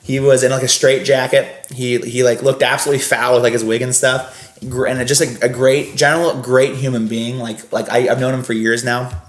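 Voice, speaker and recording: Guy talking super fast, rambly storytelling, keeps restarting sentences, roomy echo. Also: medium pitch, level tone. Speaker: guest, scare actor. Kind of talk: casual storytelling on a podcast.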